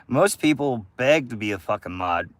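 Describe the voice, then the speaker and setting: Heavy background noise surrounds this American man as he live-streams, his mid-range voice lively and at a normal speed. He chats casually with viewers while ranting at them combatively and with plenty of profanity.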